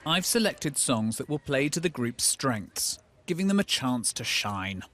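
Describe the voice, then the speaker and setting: A man reading a scripted television voice-over in a crisp, brisk manner. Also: medium pitch, big pitch swings, a bit bright. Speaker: narrator.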